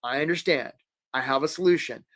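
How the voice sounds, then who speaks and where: A man hosting a live career webinar, energetic and jokey, acting out quick little quoted voices. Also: medium pitch.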